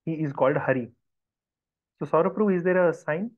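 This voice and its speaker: A man teaches through storytelling in a devotional lesson, speaking fairly quickly in a slightly high voice. He's animated and voices the villagers himself, and the recording is dull, lo-fi video call audio.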